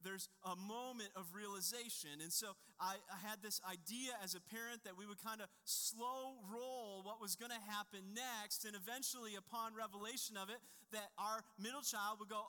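A man's voice: sits high, steady tone, normal speed, few pauses, bright, forceful tone, smooth. A male pastor preaching a sermon in a conversational, anecdotal way, often restarting his sentences. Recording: long reverb of a large hall.

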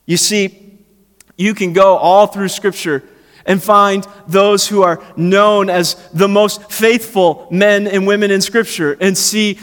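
High-voiced pastor preaching in a reverberant hall. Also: male voice, slow pace. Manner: conversational preaching, animated, acts out quotes. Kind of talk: sermon.

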